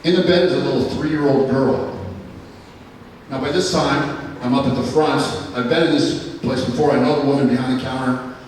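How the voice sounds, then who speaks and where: A man giving a personal testimony at a school chapel, telling his story in an earnest, plainspoken way with many pauses. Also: medium pitch, steady tone, darkish tone, a little hiss or hum. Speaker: school staff member giving a chapel talk. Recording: echoey hall from far off.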